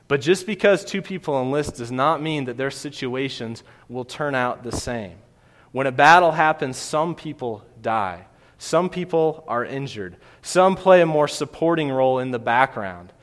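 A man's voice: mid-range voice, a bit bright. Guy preaching in a church, earnest, hammers points by repeating them, long echoey hall reverb. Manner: earnest, emphatic repetition. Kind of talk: sermon.

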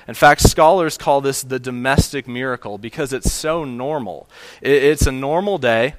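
A man delivers a Sunday sermon in an even, mid-range voice, easy and conversational, often circling back to restate a point. The sound is dry and close, with no room around it. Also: mid-range voice, moderate pace, no room sound. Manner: storytelling, conversational with small restarts. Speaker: pastor.

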